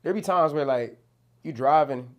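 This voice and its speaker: Heard on a lo-fi recording, a young man's fairly high voice moves at a moderate pace. He's a New Jersey rapper being interviewed, casual and slangy, cursing often and leaning on "you know what I'm saying" again and again.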